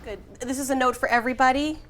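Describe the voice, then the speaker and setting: A woman teaching a class, speaking slowly and precisely in her teacher voice. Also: sits high, steady tone, music in the background.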